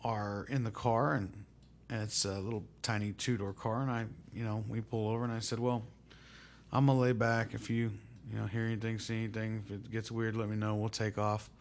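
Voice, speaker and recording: A man hosting his own music vlog, telling a story in a relaxed, rambling way with lots of fillers. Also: on the low side, fairly quick, a little hiss or hum. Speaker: host. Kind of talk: casual storytelling to camera.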